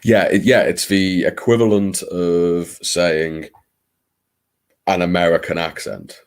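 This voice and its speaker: A man's voice: low voice, little pitch movement, takes it slowly, clean tone. A man from Liverpool hosting a late-night live stream, chatting with viewers in a wry, theatrical, self-mocking way and swearing casually. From Liverpool, England.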